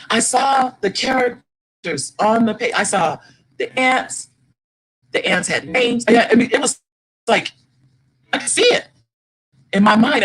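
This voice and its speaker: A grandmother, an older woman speaking as a guest speaker and children's book author, tells an audience how she wrote her first children's book, growing animated and excited as she goes. Her voice is a little high, and the recording is rough.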